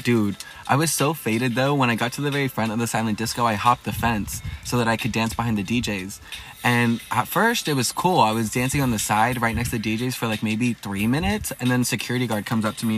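A young man hosting a podcast, retelling a night out in a loud, profane, dramatic way. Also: medium pitch, steady tone, fairly quick. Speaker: podcast host. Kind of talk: casual storytelling podcast.

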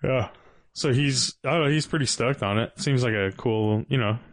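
A man's voice: mid-range voice, normal speed, dry recording. A man telling rambling stories in a casual chat about cars. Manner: laid-back, rambling storyteller.

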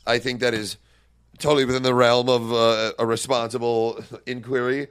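A man's voice: mid-range voice, level tone, moderate pace, fairly bright tone, clean tone. A young man, a podcast co-host, telling a crude comedic story with lots of swearing and laughing at his own punchlines.

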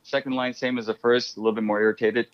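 A middle-aged actor telling stories in a casual interview, animated and quick to laugh. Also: male voice, medium pitch, lo-fi sound. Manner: animated storyteller, laughs often. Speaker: actor guest.

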